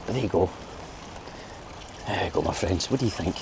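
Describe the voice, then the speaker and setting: A Glaswegian man talks to his camera while out on a night walk, rambling and laughing at his own jokes. His voice sits a little low. Faint city noise carries behind him. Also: expressive, a little fast, gravelly. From Scotland. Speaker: vlogger. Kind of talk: casual walking vlog. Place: city streets at night in the rain.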